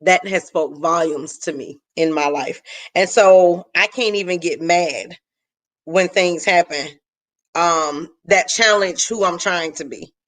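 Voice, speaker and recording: A woman's voice: fairly low pitch, takes it slowly, fairly bright tone. A woman hosting a faith-based live stream, chatting casually with viewers and greeting them by name.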